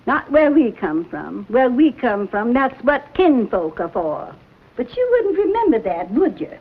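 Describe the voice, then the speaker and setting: A woman's voice: a little high, big pitch swings, measured pace, husky, heavily acted. A stern scolding frontier mother. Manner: scolding, emphatic. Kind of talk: 1950s TV western drama. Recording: tinny, narrow-band old soundtrack.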